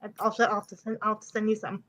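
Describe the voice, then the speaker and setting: A woman guest chatting casually on a live stream, agreeable and quick to laugh, heard over dull lo-fi call audio. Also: mid-range voice, flat delivery, a bit bright.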